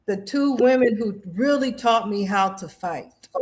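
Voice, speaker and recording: Unhurried and mid-range, the voice belongs to a middle-aged woman, a guest who served in the Air Force. She animatedly recounts stories of grief and faith in an emotional talk, voicing the people she quotes.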